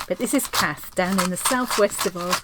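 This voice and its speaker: Heavy background noise sits behind this woman's fairly low voice as she talks at normal speed. She's a craft vlogger chatting casually at home while opening post, effusive and rambling, frequently starting sentences over.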